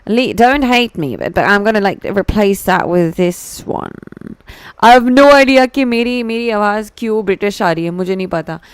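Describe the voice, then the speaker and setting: A woman's voice: mid-range voice, expressive, very fast, smooth, no room sound. A woman VTuber chatting with her live-stream viewers, giggling, answering chat messages playfully and switching between English and Hindi.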